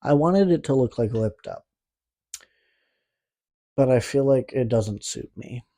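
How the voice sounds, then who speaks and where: A Canadian movie reviewer with a speech impediment recaps a horror film in a casual, rambling way, throwing in sarcastic, profane asides. His medium-pitched voice is animated and mellow, at a measured pace, with no echo.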